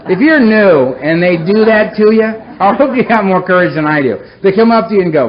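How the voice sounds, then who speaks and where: Brief: middle-aged man, wry self-mocking storyteller, fairly high voice, dull lo-fi recording. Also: fairly quick, few pauses. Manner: wry, self-mocking storyteller, swings from low somber to loud animated. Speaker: recovery meeting speaker. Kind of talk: personal story told to a meeting. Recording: dull lo-fi recording with faint hiss.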